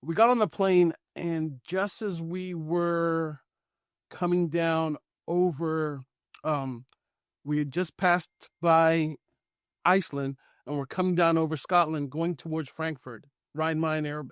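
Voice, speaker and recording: A man's voice: on the high side, takes it slowly, clear, resonant tone, no room sound, studio quality. A middle-aged man casually telling a personal story on a podcast, acting out the lines of the people in it. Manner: animated storytelling, acting out quoted dialogue. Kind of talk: casual anecdote.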